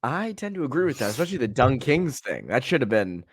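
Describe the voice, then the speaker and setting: A man co-hosting a casual sports podcast, animated and ranting as he chats. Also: mid-range voice, quick pace, husky, no echo, studio quality. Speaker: podcast co-host.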